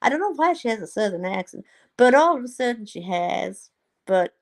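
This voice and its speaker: A woman's voice: medium pitch, expressive, moderate pace. A woman chatting casually to her viewers in a gossipy, teasing way, now and then putting on mocking voices. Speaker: vlogger. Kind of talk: casual chat to a live audience.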